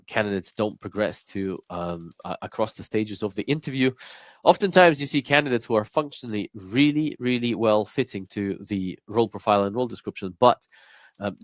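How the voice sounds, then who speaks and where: A congested, slightly croaky man co-hosting a live stream on a video call, relaxed and full of fillers. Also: lowish voice, dry recording. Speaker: co-founder and interview coach.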